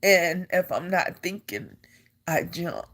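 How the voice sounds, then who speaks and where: An older woman recounts her own experience in a low voice, taking her time over every word. She speaks earnestly as she tells her story and repeats phrases to drive a point home. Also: lively intonation, slow pace, a bit bright. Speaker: vlogger and army veteran. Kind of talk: personal storytelling.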